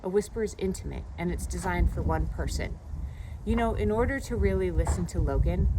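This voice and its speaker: A woman's voice: on the low side, noisy background. A woman in her thirties, a pastor giving a devotional video talk in a conversational, personal storytelling way. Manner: conversational, personal storytelling with frequent "you know".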